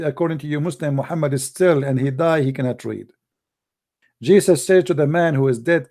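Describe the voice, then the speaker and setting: A man with an Arabic accent, a native Arabic speaker from the Middle East, hosting a live debate show in a mocking, emphatic and forceful way. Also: a little high, normal speed. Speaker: apologetics show host.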